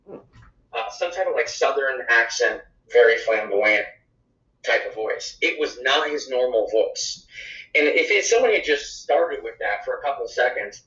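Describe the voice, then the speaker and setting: A man talking as a podcast guest, telling a story in a conversational, animated way with exclamations. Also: medium pitch. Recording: echoey room, dull lo-fi sound.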